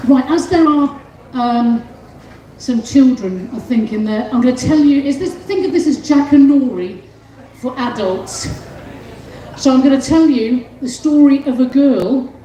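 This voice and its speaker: A woman's voice: high-pitched, unhurried, mellow, roomy sound, recorded from a distance, rough recording. A woman doing a brash, sweary stand-up set on a windy outdoor stage. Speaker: comedian speaker.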